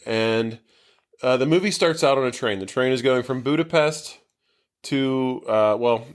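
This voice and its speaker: A man co-hosting a casual podcast, recapping a movie in a loose, rambling way full of fillers. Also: medium pitch. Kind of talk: casual chat. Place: basement.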